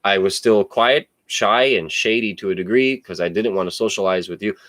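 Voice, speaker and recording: A man casually telling personal stories in an animated, digressive way, swearing freely. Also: fairly low pitch, normal speed, no room sound. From United States. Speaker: podcast host.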